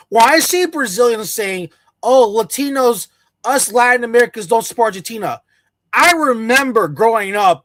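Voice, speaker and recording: A fired-up commentator rants alone to the audience, swearing freely and mocking opponents with sarcastic quoted asides. The voice sits at a middling pitch. The recording is dry and close, with no room sound. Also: a bit bright, no room sound. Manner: heated, profane, sarcastic, mocks others in quoted voices. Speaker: channel host. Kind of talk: solo ranting commentary to camera. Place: in the United States.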